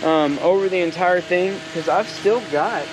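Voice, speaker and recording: A DIY maker vlogger with a high voice talks at a normal speed, rambling casually about his backyard project and joking along the way, often wandering into side rants. It's relaxed workshop chat, recorded outdoors with ambient noise.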